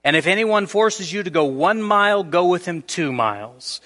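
A man preaching a sermon in a church, explaining scripture and acting out everyday scenes in a lively way. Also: sits high, normal speed, long reverb tail. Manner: animated, acts out everyday scenarios. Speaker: pastor. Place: church sanctuary.

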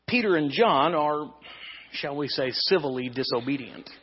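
A man's voice: on the high side, expressive, moderate pace, slightly rough, in a large hall, highs cut off. A man preaching an evening sermon in an easygoing, conversational way, with restarts and some humor. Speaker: pastor.

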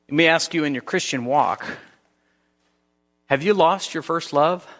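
A man preaching a sermon in a church, earnest, with slow emphatic phrases and frequent restarts. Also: medium pitch, a bit bright. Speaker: pastor. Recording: long reverb of a large hall.

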